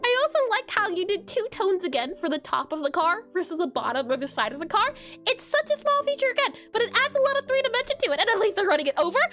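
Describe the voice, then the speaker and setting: A woman's voice: very high voice, big pitch swings, quick pace, fairly bright tone. A young woman streaming as she reviews viewer art, bubbly and giggly, repeating her praise. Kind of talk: casual livestream commentary.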